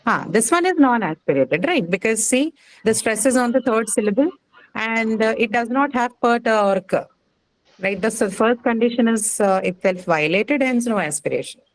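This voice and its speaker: A woman's voice: a little high, animated, moderate pace, dry recording, low-quality recording. Female teacher, patient step-by-step classroom explainer, dry sound. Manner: explains step by step, checks with frequent "right?". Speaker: English phonetics teacher. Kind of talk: classroom lecture.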